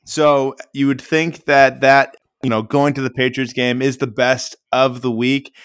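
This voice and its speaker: A man chatting on a podcast, his voice at an ordinary middle pitch and recorded dry and close. He tells stories with animated energy, swears freely and jumps into little impressions. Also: a little slow, clean tone, no echo. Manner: animated storytelling, swears, mimics a kitten. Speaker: podcast co-host. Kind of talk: casual chat.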